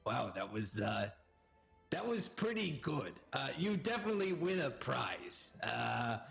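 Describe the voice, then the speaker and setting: A man's voice: mid-range voice, very animated, measured pace, vocal fry, a bit bright, soft background music, heavily acted. A man doing a weary, put-upon carnival barker. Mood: grudging.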